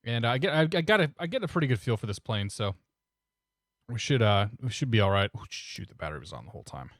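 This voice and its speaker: A man's voice: medium pitch, very animated, quick pace, dry recording, studio quality. A man chatting casually on a live stream, laughing often and talking through his cockpit steps. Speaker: flight sim streamer.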